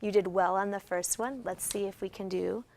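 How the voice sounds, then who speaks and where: A woman's voice: medium pitch, steady tone, normal speed, vocal fry, a little mellow. A woman teacher giving classroom instruction, guiding students step by step with patient questions. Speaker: special education teacher.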